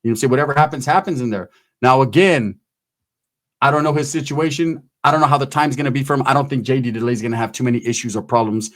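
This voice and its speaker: A man's voice: mid-range voice, fast talker. A man giving casual vlog commentary in streetwise, slang-heavy talk, swearing freely. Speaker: channel commentator.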